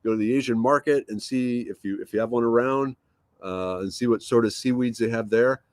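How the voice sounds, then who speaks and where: A man's voice: mid-range voice, a little fast, a little mellow, no room sound, studio quality. A man hosting a casual livestream, reading viewer comments aloud and rambling easily from home. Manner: rambling, easygoing, thinks aloud with fillers. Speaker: livestream host.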